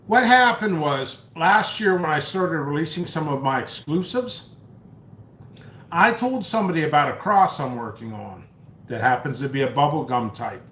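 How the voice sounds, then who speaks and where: A man's voice: on the high side, fairly bright tone. Man, stream host, casual rambling, mocking, restarts, echoey room. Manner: storytelling, mocking, swears, restarts often. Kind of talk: rambling live stream chat, reading comments. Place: at home, eating noodles.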